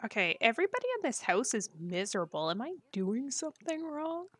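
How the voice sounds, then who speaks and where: A woman's voice: on the high side, big pitch swings, a little fast, fairly bright tone, no echo. A woman live-streaming a game, chatting casually with her viewers and laughing often between jokes. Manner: giggly, breaks into frequent laughter; chatty, jokey, talks to her chat. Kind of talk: casual live-stream chat while gaming.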